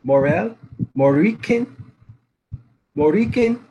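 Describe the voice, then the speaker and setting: A man's voice: high voice, lively intonation, takes it slowly, mellow, dull audio, a little hiss or hum. A man lecturing, reading out dictionary references, spelling letters aloud and asking rhetorical questions.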